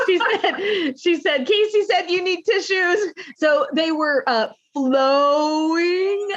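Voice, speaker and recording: A bubbly woman hosting a podcast, steering the casual chat and laughing often. Her voice is high and her pace is unhurried. The recording sounds a bit dull and lo-fi. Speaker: podcast host.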